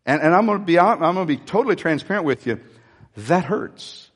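A man's voice: fairly high pitch, animated, brisk, long reverb tail. An older man preaching a sermon as pastor, emotional and confessional, often breaking off and restarting his sentences.

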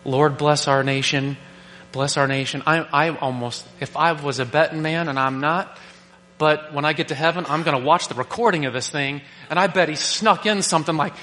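A male pastor preaching a sermon, animated and joking, who keeps asking rhetorical questions. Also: a little high. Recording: long reverb of a large hall.

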